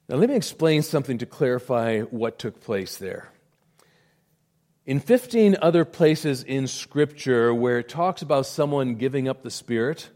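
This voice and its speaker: A male pastor preaching a sermon. He swells into loud emphasis and then drops to a near hush. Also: mid-range voice.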